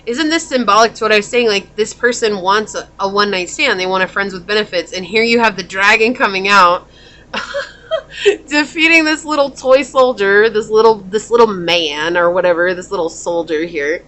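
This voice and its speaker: Casual tarot reader, woman, bright tone, lively and laughing, slips into quoted voices. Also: medium pitch, normal speed. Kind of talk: casual pick-a-card tarot reading.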